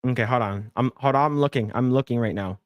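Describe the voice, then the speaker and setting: Rambling podcast host, dry close mic. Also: male voice, medium pitch, fast, no echo, muffled recording. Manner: rambling, repeats words, thanks donors. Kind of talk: casual livestream chat.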